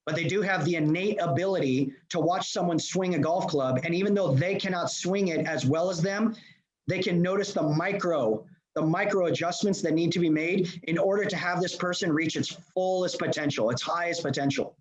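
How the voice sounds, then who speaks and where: A man from Los Angeles giving an energetic motivational seminar talk as a leadership coach, speaking directly to his audience. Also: on the high side, moderate pace. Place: remote presentation to a live room. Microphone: video call.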